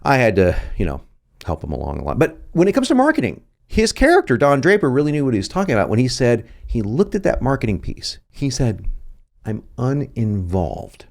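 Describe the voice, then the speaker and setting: A man's voice: mid-range voice, huge pitch swings, quick pace, gravelly. A man hosting a copywriting video lesson, talking in a jokey, playful and emphatic way. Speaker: host.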